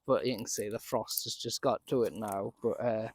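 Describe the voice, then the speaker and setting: A man's voice: lowish voice, moderate pace, darkish tone, husky, no echo. A man giving a casual, chatty running commentary while he works on his allotment garden outdoors, often laughing and talking to himself.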